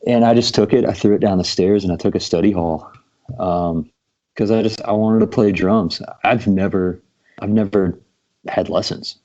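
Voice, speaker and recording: The voice is fairly low, steady, and mellow, moving at a moderate pace. It's a guest drummer of about forty telling easygoing stories in a casual podcast conversation, heavy on ums, and the lo-fi audio is dull.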